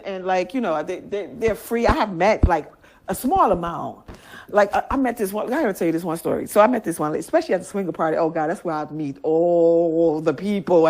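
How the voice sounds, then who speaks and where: A woman from Michigan with a Michigan accent, a guest talking candidly in a blunt, profane way and laughing often. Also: mid-range voice. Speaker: interview guest. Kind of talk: candid casual chat.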